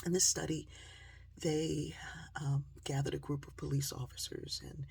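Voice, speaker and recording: Gravelly-voiced woman storyteller with a deeply husky tone, speaking straight to the audience and giving the people in her story their own voices. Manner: lively storyteller who acts out quoted voices.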